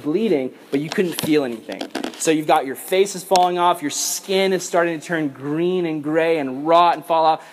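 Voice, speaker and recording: A man giving a casual, animated sermon to young people, then leading a prayer. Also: a little high, a little hiss or hum.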